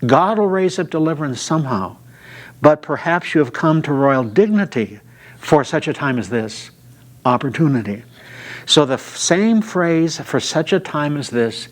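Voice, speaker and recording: Unhurried man teaching a Bible study. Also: mid-range voice. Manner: unhurried retelling with frequent "uh" fillers.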